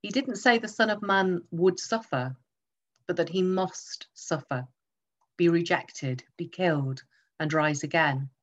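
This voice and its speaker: A woman's voice: lowish voice, unhurried, dull audio. A woman preaching a sermon, emphatic and teaching through rhetorical questions.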